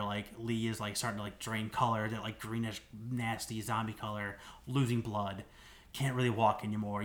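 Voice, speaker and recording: A man's voice: mid-range voice, a bit bright. A man on a podcast casually recapping a game's story in a rambling way, full of "like"s and restarts. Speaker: podcast co-host.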